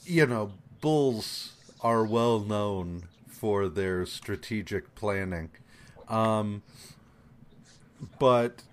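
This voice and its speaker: A man's voice: fairly low pitch, slight background noise. A man co-hosting a casual podcast, recapping a comic with many ums and meandering asides. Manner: meandering, lots of ums, quick acted quotes. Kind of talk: casual chat.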